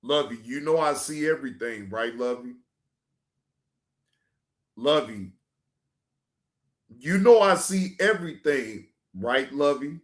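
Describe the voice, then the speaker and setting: A man hosting a reaction show in casual livestream talk, slangy and profane, repeating himself and swinging from loud hype to quiet asides. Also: mid-range voice, expressive, slow, long pauses.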